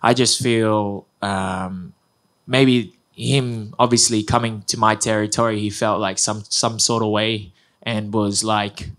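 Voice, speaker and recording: A man's voice: on the low side, flat delivery, slow pace, a bit bright. A man answering press questions after a fight, upbeat and loose, with many fillers and restarts. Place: press conference room.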